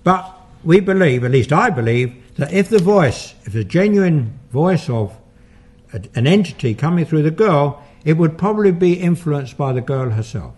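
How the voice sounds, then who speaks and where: A man working as a paranormal investigator, calmly recounting his experiments in a measured, explanatory way. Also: on the high side, breathy edge.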